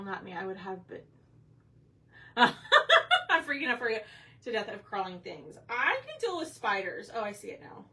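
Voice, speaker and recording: Casual craft host, woman, bright and forward tone, a bit off-mic with faint room hum. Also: medium pitch, recorded from a distance. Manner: chatty, talks to viewers while working. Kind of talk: casual chat while painting.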